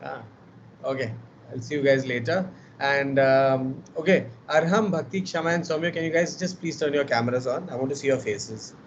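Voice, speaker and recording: A man's voice: mid-range voice, moderate pace. Tired indian guy teaching over a video call, chatty and teasing, drops hindi words in, slightly muffled audio with a bit of hiss. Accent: Indian English. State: tired, voice worn. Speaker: lecturer. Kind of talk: online class lecture.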